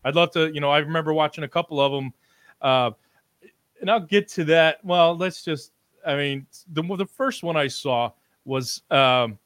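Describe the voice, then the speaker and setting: A man hosting a casual live-stream interview, talking in halting bursts with frequent ums and restarts while he reads out viewer comments. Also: fairly high pitch, a bit bright, clean tone, no echo, clean studio sound. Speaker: livestream interview host.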